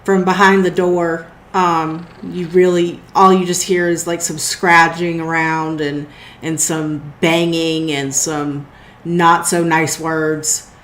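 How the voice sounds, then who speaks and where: A woman with a lowish voice runs a tabletop game as game master. She narrates in a loose, easygoing way, full of fillers, and her voice carries a roomy echo. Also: flat delivery, slow pace, fairly bright tone. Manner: loose, with frequent fillers and restarts.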